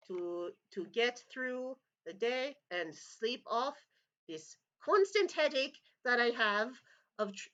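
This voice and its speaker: Woman as a cranky cursed man, stiff formal scolding, slow and dull-sounding. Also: mid-range voice, fairly bright tone, lightly acted. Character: bitter, irritable man cursed into a toon. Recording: slightly dull lo-fi audio.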